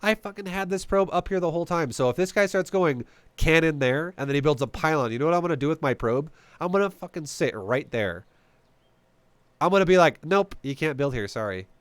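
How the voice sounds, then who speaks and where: A man's voice: a little high, a little fast, dry recording. A man giving casual, profane gameplay commentary, blunt and joking as he explains strategy. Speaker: game commentator.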